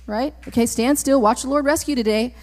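Brief: woman preacher, high voice, forceful repeated commands, church hall reverb. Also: fairly quick. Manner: emphatic, repeating commands and rising to shouts. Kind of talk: sermon. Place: church sanctuary.

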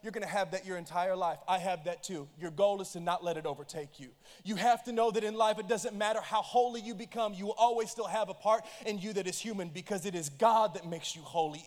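A middle-aged man preaching a sermon as pastor, passionate, dropping to a hush and rising to loud outbursts. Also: high-pitched, long reverb tail. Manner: impassioned, swinging from hushed to loud. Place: church auditorium.

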